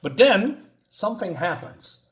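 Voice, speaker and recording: A man's voice: high-pitched, sing-song, measured pace, a bit bright. A man casually reviewing a comic book on his channel, talking in a loose, hesitant, rambling way as he recaps the story.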